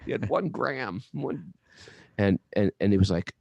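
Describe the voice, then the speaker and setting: A man co-hosting a casual chat, telling stories in an animated way and slipping into playful voices. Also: lowish voice, a little slow, vocal fry, no echo, lo-fi sound. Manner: animated storyteller, jumps into playful voices and laughs. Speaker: podcast co-host. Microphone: remote call.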